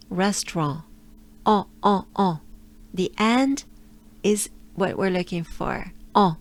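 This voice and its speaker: A woman from France with a French accent, teaching pronunciation patiently and drilling each sound again and again. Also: medium pitch. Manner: patient, repeats sounds many times, laughs lightly. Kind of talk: slow drilled pronunciation lesson.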